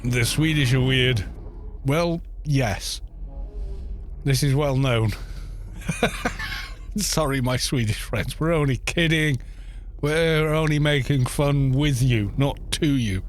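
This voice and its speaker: Welsh man, middle-aged, gaming streamer, joking casual chat, average pitch, faint music behind. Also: slow, long pauses. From Wales. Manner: chatty, jokey, answers chat with stumbles and laughs.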